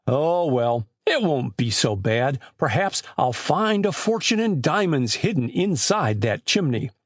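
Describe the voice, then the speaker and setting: Guy doing a high strained teen boy sleuth, plucky and impatient, husky, voice swings all over, storybook read. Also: very animated, a little slow, no echo, studio quality. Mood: wry.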